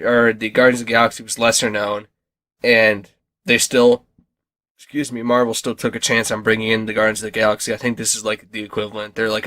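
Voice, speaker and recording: A man's voice: lowish voice, a bit bright. A young man co-hosting a podcast in casual chat, rambling with many fillers and restarts. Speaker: podcast co-host.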